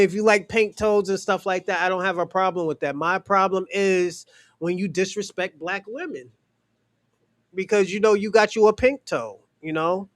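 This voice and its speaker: A man's voice: high voice, dry recording. A man hosting a podcast who gives blunt, profane opinions in casual talk and speaks straight to his co-hosts. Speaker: podcast host.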